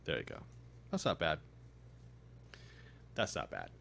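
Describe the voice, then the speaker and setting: A tired, groggy man chatting casually on his live stream, rambling with halting restarts. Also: rumbling low, wildly swooping pitch, creaky, sharp tone, slight background noise. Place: home streaming setup.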